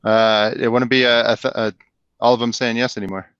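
A man's voice: mid-range voice, little pitch movement, a little fast, fairly bright tone, clean tone, lo-fi sound. A man playing a salesperson in a coaching role-play, giving hesitant, brief answers. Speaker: salesperson in training.

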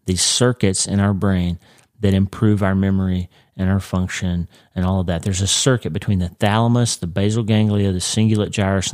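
A man's voice: fairly low pitch, a little mellow, dry recording, studio quality. A congested man with jaw pain giving an earnest, conversational faith lesson to his regular audience. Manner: earnest, explanatory, with occasional restarts. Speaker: Christian teacher of a weekly series.

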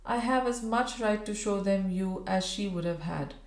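Brief: woman voicing a grave Victorian gentleman, formal, measured, echoey room. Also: medium pitch, close to an everyday voice. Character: grieving proud Victorian gentleman, solemn. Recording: roomy echo.

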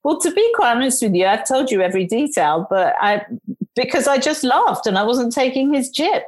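A woman guest telling lively stories in casual conversation, acting out the people she quotes. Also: high-pitched, moderate pace. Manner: lively storyteller, acts out voices in quotes.

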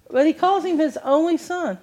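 An older woman teaching from the Bible in a sermon style, weaving a personal testimony into the lesson. She tells it in a lively, animated way, laughing often, in a voice that sits a little above the usual pitch for a woman. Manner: animated storytelling with frequent laughs.

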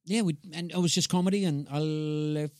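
A man, a comedian, telling stories in a casual interview, animated and laughing often as he acts out voices. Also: on the high side, normal speed, dry recording, studio quality. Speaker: comedian guest.

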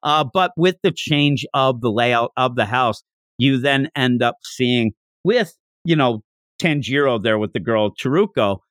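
A man's voice: medium pitch, animated, unhurried, a bit bright, no echo, clean studio sound. A man hosting a podcast, chatting casually as he recaps a manga chapter and laughs while acting out the characters' lines. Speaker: podcast host.

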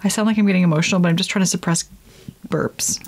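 A woman's voice: lowish voice, fast, a little mellow, breathy edge. A young adult woman hosting a casual solo podcast, talking chattily and acting out quotes in silly voices. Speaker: podcast host.

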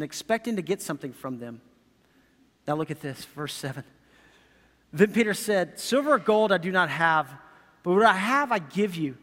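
A man's voice: sits high, fairly bright tone, in a large hall. A man preaching a sermon as pastor, conversational, with frequent asides to the congregation. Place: church sanctuary.

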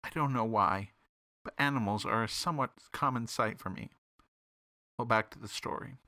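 A man reading his own comic detective story aloud in an animated, playful way. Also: medium pitch, normal speed, no echo.

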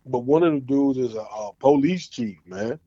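A man's voice: medium pitch, normal speed, dark tone, no echo. A man hosting a casual chat, talking in laid-back slang. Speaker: podcast host. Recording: dry, dull lo-fi sound.

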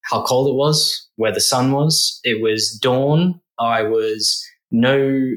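A man's voice: medium pitch, slow, fairly bright tone. A man appearing as a podcast guest, telling stories casually and poking fun at himself, with many fillers. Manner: self-deprecating, many fillers. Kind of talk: casual storytelling. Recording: roomy echo.

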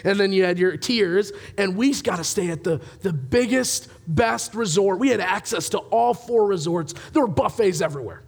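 A man's voice: sits high, lively intonation, normal speed, gravelly, few pauses, husky. A young male pastor preaching a sermon, storytelling and acting out bits of dialogue, with frequent chuckles.

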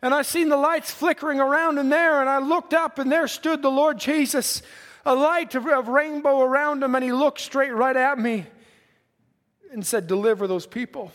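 A male preacher telling a dream in a sermon, earnest and halting, often repeating himself. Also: very high voice, fairly even intonation, fairly bright tone, big-room sound. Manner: earnest storytelling, halting repetitions.

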